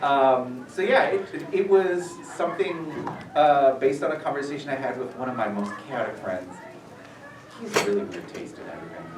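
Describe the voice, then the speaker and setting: Guy answering student questions, chatty and animated, sounds far off in a roomy space. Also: mid-range voice, moderate pace, noisy background. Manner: animated, rambling, lots of fillers. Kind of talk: casual Q&A talk. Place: school room, audience present. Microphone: distant from the recorder. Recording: echoey room, voice heard from far off.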